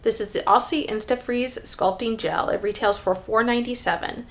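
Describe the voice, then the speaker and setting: Woman, hair vlogger, a bit high-pitched; loose, rambling talk while styling on camera. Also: fairly even intonation, normal speed. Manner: chatty, thinks aloud with many "like" fillers. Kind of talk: casual tutorial chat.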